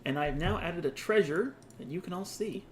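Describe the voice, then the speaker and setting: A man's voice: high voice, normal speed, slight background noise. A man narrating a tabletop game as game master, casual and laughing with asides to the players.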